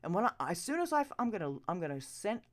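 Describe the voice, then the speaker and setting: A woman delivers an impassioned rant straight to her audience, her pitch swinging widely as she presses her point. She swears freely and sounds urgent, sometimes sinking to a hushed whisper. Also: big pitch swings, quick pace. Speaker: vlogger. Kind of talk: impassioned direct-to-camera rant.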